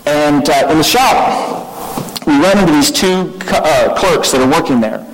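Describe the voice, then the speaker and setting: A man's voice: a little high, expressive, measured pace, low-quality recording. A man, a pastor preaching a sermon through a folksy personal story, often restarting his sentences.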